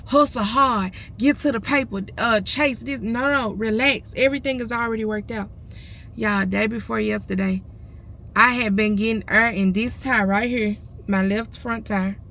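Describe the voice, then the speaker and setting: A woman's voice: medium pitch, creaky, a bit bright, slight background noise. A woman, close to tears, telling her viewers a story in a casual, emotional vlog. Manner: tearful, addresses viewers as y'all. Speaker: vlogger.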